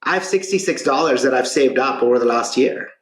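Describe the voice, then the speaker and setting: A man's voice: medium pitch, fairly quick, reverberant, natural voice, low-quality recording. A man retelling a shy little boy. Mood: pleading. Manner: quiet, hesitant asking. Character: shy five-year-old boy asking his father.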